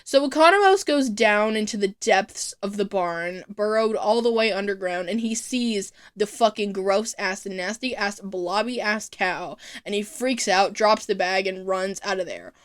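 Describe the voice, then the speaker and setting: A woman's voice: mid-range voice, unhurried, hardly any pauses. Casual, cussing woman recapping a show. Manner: profane, breezy storytelling with jokey asides. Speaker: video recap host.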